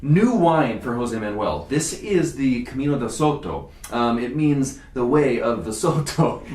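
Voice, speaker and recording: A man hosts a relaxed wine tasting, talking in a lively, chatty way and laughing often. His voice sits at an ordinary pitch. It is picked up from a distance in an echoey room. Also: unhurried, few pauses. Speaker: wine importer and show host. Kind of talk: casual wine tasting chat.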